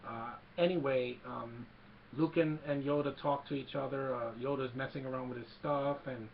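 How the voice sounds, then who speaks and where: A man's voice: medium pitch, fairly even intonation, normal speed, slight background noise. A man giving a casual, rambling film recap, retelling scenes and quoting lines, on a slightly dull lo-fi home recording. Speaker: movie reviewer.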